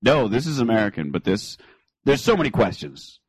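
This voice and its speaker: Animated man joking with friends. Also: lowish voice, husky, no echo. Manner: loud, joking, quick back-and-forth. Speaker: podcast host. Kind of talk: casual comedy banter.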